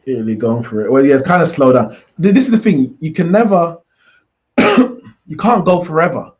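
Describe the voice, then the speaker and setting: A man's voice: fairly high pitch, sing-song, moderate pace, lo-fi sound. A man hosting a live football watchalong, chatting casually and reacting aloud to the play. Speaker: watchalong host. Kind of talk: live match watchalong commentary.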